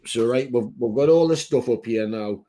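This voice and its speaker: A man with a Geordie accent voicing a brisk, practical delivery man who asks matter-of-fact questions. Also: medium pitch, warm tone, lightly acted. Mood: chatty.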